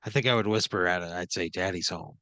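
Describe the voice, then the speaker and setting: A man on a podcast, playing himself in an improvised scene with blunt, deadpan replies. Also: deep voice, quick pace, no echo. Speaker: podcast co-host. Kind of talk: improvised role-play answers.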